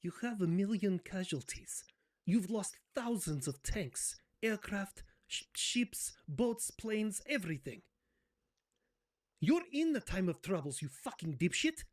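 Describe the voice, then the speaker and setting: A man with a slightly raised pitch, hosting a satirical comedy role-play. He jabs at the others with profane mockery and sudden shouted outbursts. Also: very animated, measured pace. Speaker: host.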